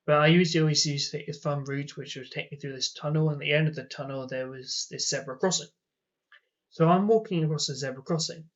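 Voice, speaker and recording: Exasperated young man, lo-fi. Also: fairly high pitch. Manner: rambling and exasperated, many "like"s. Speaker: vlogger. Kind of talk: casual storytelling vlog. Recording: dull lo-fi sound.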